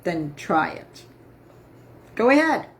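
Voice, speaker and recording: A woman's voice: medium pitch, big pitch swings, takes it slowly. A woman health coach talking casually to viewers on a live stream, emphatic and upbeat, often asking "right?".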